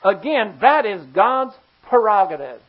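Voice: mid-range voice, sing-song, unhurried. Emphatic pastor preaching, slightly muffled. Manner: emphatic, asks the congregation rhetorical questions. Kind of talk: sermon. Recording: slightly dull lo-fi sound.

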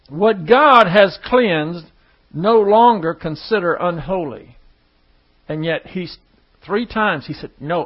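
A man's voice: high voice, muffled recording. A man preaching a sermon. He reads verses aloud and explains them in plain, conversational asides.

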